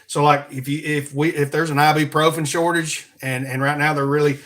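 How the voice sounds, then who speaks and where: A man's voice: fairly high pitch, little pitch movement, fairly quick, fairly bright tone. A man with an Alabama accent hosting a podcast in a folksy, rambling, joking monologue. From Alabama, USA. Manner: folksy, joking, plugs merch. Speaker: podcast host.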